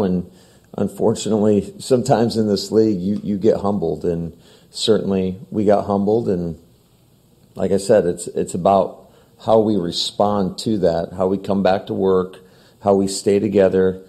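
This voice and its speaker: A man, a football coach, giving steady and guarded answers at a press conference. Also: sits low, unhurried.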